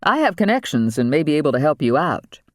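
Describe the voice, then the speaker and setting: An earnest young man speaks calmly and persuasively, voiced by a male narrator. His voice is a touch higher than average for a man, recorded close and dry. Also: fast talker, no room sound. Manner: calm and persuasive.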